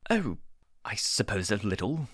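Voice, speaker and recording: A prim, fussy angel, flustered and polite in a fan audio drama. The voice sits very low yet leaps around a lot. The sound is dry and close. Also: female voice, big pitch swings, measured pace, slightly rough, no echo, exaggerated voice.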